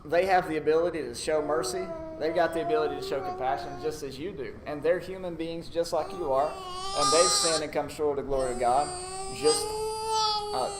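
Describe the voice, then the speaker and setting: Man preaching, storytelling sermon, slightly high voice, roomy echo. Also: lively intonation, brisk. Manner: conversational, storytelling with acted asides. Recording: echoey room with faint noise.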